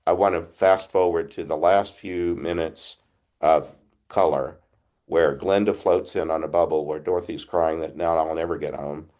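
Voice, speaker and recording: An older man, a priest, giving a reflective retreat talk over a video call, halting with frequent restarts. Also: extremely low pitch. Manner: halting, many restarts, gentle laughs.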